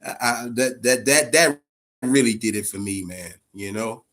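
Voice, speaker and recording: Medium in pitch and normal in speed, a man hosts a boxing channel on a live stream. The talk is casual, energetic and full of profanity, with "man" dropped at the end of nearly each phrase.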